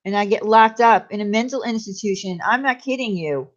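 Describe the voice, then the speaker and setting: A woman's voice: mid-range voice, a little fast, muffled recording. A woman hosting a casual live chat with viewers, speaking candidly and confidingly and greeting them by name. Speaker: live stream host.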